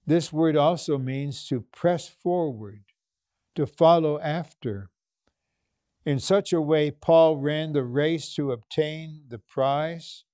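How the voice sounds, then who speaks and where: Slow, dark-voiced male preacher. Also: fairly high pitch, dry recording, clean studio sound. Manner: slow, emphatic preaching with repeated phrases and prayers. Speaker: conference speaker. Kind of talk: sermon.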